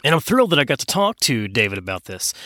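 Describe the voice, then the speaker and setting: A man hosting a business podcast, telling a story in an emphatic way with dramatic pauses. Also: mid-range voice, sing-song, sharp tone, no echo, clean studio sound. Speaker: podcast host. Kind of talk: scripted podcast intro monologue.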